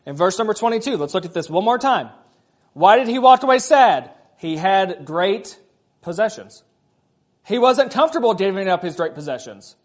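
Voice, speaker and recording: A man's voice: high voice, lively intonation, moderate pace. A man preaching a sermon, conversational, with frequent rhetorical questions to the congregation. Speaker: pastor.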